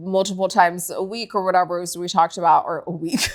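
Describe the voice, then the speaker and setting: Candid, animated young woman podcast host. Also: medium pitch, normal speed. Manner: candid and animated, swears freely, many likes. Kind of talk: casual solo podcast chat.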